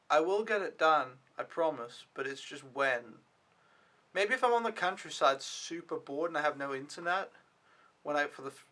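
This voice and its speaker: A young man talks through his week in a loose, rambling vlog style and swears now and then. His voice sits a little high and sounds bright. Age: young adult. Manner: rambling, casual, swears when annoyed. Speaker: au pair vlogger. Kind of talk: casual vlog recap.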